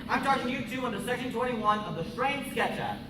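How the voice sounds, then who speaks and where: Stage sketch: a man as a shouting, pompous inspector, high and lively, booming around a big hall. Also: fairly quick. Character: blustering male comedy police inspector. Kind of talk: live stage comedy sketch. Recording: echoey hall from far off, audience noise.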